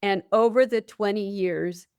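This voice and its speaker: A woman's voice: medium pitch, steady tone, a little slow, a little mellow, smooth, no room sound, clean studio sound. A woman hosting a caregiving podcast, earnestly explaining with client stories and statistics. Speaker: podcast host, nurse. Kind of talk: interview conversation.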